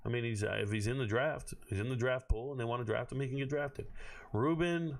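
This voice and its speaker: A man hosting a live stream from his home on his own microphone, talking bluntly with plenty of swearing and sudden bursts of shouting. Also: mid-range voice, a little fast, vocal fry. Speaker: host of a draft watch party stream. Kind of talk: casual live-stream commentary.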